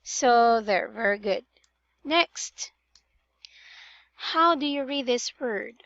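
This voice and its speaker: A woman's voice: a little high, expressive, extremely slow, fairly bright tone, dry recording, muffled recording. A woman tutoring English pronunciation in a one-on-one online session, patiently drilling words and correcting vowel sounds.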